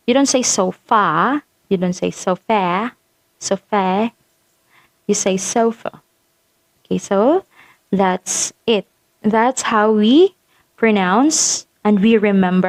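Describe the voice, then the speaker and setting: Slow, patient woman teaching pronunciation. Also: mid-range voice. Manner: patient, repeats words slowly to demonstrate sounds. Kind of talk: phonetics lesson.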